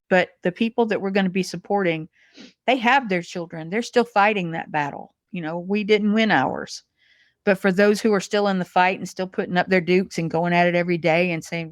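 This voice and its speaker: Middle-aged woman talking from the heart, a bit low, stops and restarts a lot, dry sound. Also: steady tone, no echo. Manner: heartfelt, halting with repeated restarts. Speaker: guest, massage supplies executive. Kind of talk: emotional interview conversation.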